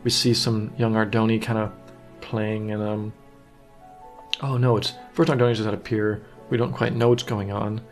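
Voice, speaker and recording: A man giving a casual, earnest director's commentary on his animated series. He talks in a meandering way. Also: on the low side, normal speed, soft background music.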